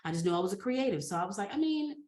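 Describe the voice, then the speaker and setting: A woman guest on a podcast, telling a story in a lively, dramatic way and laughing often. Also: on the low side, rapid-fire. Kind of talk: animated storytelling. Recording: roomy echo.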